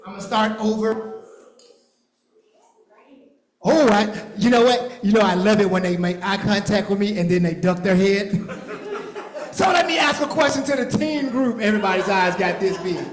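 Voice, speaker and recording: A man playing a cheerful, excitable grapevine mascot who playfully quizzes and teases a crowd of children in a church hall. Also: sits high, normal speed, long pauses. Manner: playful, teasing, quizzing kids. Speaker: costumed character at kids' Bible school.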